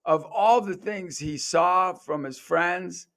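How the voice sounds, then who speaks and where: Gravelly, fairly high-pitched male podcast host. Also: slow, fairly bright tone. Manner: earnest storytelling, acts out quoted voices. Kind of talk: casual podcast conversation.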